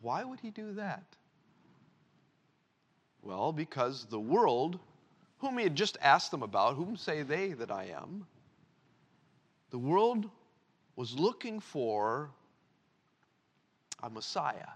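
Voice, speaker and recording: A male pastor preaching a sermon to his church, swinging between loud emphatic lines and hushed, low ones. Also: sing-song, slow pace, pauses often, breathy edge.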